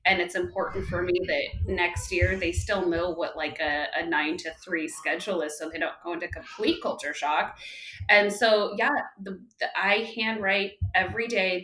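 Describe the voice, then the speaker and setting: A woman in her thirties, a podcast guest, talking casually and telling animated stories about home life. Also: fairly low pitch. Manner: animated storytelling, with lively quoted dialogue. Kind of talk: casual conversational interview. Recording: roomy echo.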